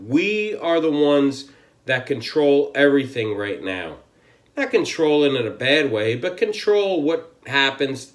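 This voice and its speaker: A man's voice: mid-range voice, a bit bright. An American man ranting to camera on his channel, angry, emphatic and swearing constantly. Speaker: channel host. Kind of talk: political rant to camera.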